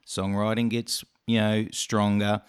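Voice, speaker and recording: A man's voice: lowish voice, flat delivery, a little slow, smooth. A man with an Australian accent, hosting a casual podcast interview and asking rambling, friendly questions. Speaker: podcast host.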